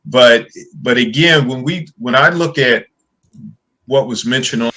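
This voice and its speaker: A man serving as a church elder at a recorded hearing, speaking earnestly and haltingly and often repeating words. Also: mid-range voice, pushed and bright, low-quality recording.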